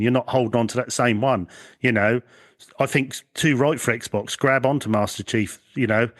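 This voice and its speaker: Podcast host, mid-pitched voice, easygoing, agrees readily, stumbles and repeats words. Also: male voice, fairly bright tone. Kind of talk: casual chat.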